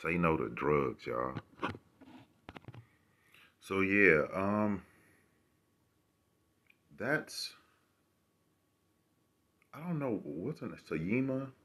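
Low-voiced male vlogger, rambling and profane, sarcastic self-recorded rant. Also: animated, drawn-out words, pauses often, sharp tone. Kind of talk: casual ranting monologue.

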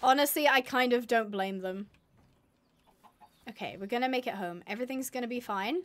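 A woman's voice: a little high, moderate pace, fairly bright tone. A woman streaming a game live, chatting and mocking herself as she talks to her animals. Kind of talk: live gameplay commentary.

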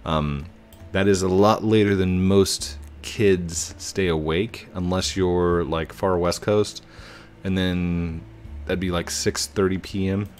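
A man in his thirties giving casual, chatty commentary while gaming, excitable and breaking into high squeals. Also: slow, soft background music. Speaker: YouTuber.

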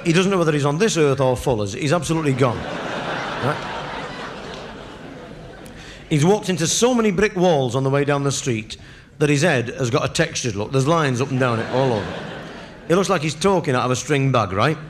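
Brief: male comedian, chatty storyteller, mid-pitched voice, faint hiss underneath. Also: lively intonation, brisk, pauses often. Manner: conversational, punchy, keeps checking in with "right?". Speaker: stand-up comedian. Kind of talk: live comic storytelling.

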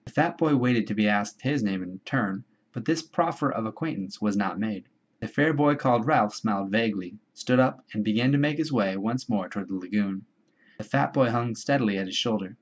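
A man reading a novel aloud in a measured, steady storytelling voice. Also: on the low side. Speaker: audiobook reader. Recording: dull lo-fi home recording.

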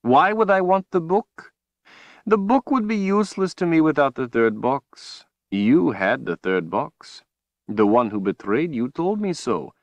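A man voicing a cruel, menacing male tyrant wizard in an audiobook, speaking slowly and tauntingly. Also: fairly high pitch, sing-song, no echo, voice pushed up. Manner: slow, taunting, drawn-out delivery. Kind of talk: audiobook character voice.

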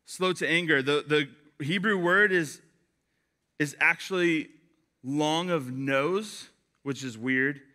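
A young man giving a casual youth sermon, chatty and animated, telling stories with lots of fillers. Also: a little high, slow. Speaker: youth pastor.

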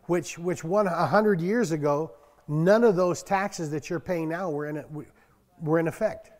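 Older male pastor, slightly high voice, folksy and conversational, loud scripture bursts, long hall reverb. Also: measured pace. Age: 60s. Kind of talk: conversational sermon.

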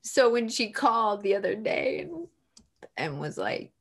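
A woman's voice: mid-range voice, big pitch swings, unhurried, breathy edge. A woman, a guest author, telling a personal story in an open, emotional way and acting out the voices she quotes.

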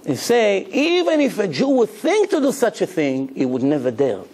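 Animated man giving a Torah lecture. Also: moderate pace, a little hiss or hum. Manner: animated, acts out dialogue with big pitch swings. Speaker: rabbi.

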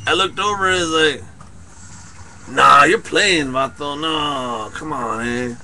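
A young comedy performer, heavily acting, portrays a tough, sentimental male ex-convict in an improvised skit, tacking a drawled "eh?" onto his lines. He speaks slowly in a fairly high voice pushed down, sharp in tone, with a little hiss or hum present.

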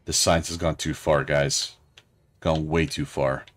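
Deep-voiced joking gamer man. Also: level tone, measured pace. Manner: joking, sarcastic, swears a lot. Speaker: let's play host. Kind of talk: casual gameplay commentary.

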